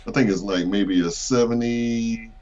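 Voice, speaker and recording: A man's voice: fairly low pitch, steady tone, moderate pace, a little mellow, lo-fi sound. A man talking as a podcast guest, rambling in a loose, slangy way. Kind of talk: casual chat.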